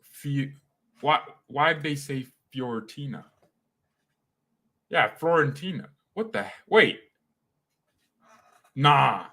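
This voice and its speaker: A young man hosting a casual fan livestream, talking in an animated, slangy, excitable way. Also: medium pitch, slow, pauses often. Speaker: fan channel host.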